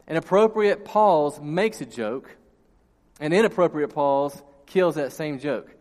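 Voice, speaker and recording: A man preaching a sermon, telling a funny story from his childhood before turning to scripture in a lively storytelling manner. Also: a little high, measured pace. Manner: storytelling, animated, laughs at own jokes. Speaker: pastor. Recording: long reverb in a large hall.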